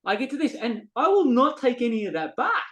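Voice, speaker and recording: A man's voice: very high voice, fairly quick, low-quality recording. A middle-aged man, a podcast guest telling a story in casual talk and acting out what people said. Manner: animated, acts out quoted dialogue, frequent restarts.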